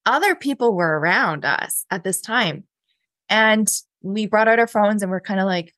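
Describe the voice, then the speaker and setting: A woman, a podcast guest, recounting a personal story in a chatty, animated way with many fillers and laughs. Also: mid-range voice, normal speed, no echo. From Canada. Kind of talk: casual interview storytelling.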